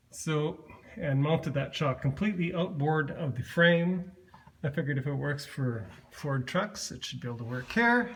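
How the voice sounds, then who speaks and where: A man slowly walking through the work he did on his car, talking with many pauses and fillers. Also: on the high side, rough recording. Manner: slow, halting, many fillers and restarts. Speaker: car builder showing his car. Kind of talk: casual walkaround explanation.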